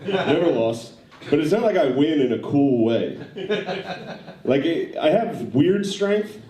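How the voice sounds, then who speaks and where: Man in his thirties, stand-up comic, lively pitch, profane rambling, roomy club sound, roaring crowd laughter. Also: slow. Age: 30s. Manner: casual profane storytelling with mimicked voices. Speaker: stand-up comedian. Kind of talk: stand-up set. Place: comedy stage before a live audience.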